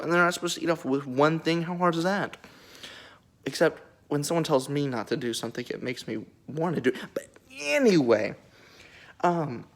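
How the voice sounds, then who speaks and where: A young vlogger cracking jokes through a bible retelling, the pitch bouncing widely. the delivery rambles with plenty of asides, and the tone is animated and playful. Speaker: video creator.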